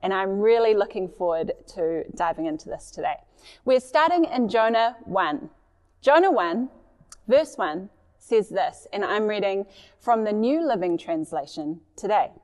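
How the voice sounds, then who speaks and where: A woman's voice: mid-range voice, animated, unhurried, a little mellow, in a large hall. A woman preacher giving a sermon, reading scripture expressively and adding chatty asides.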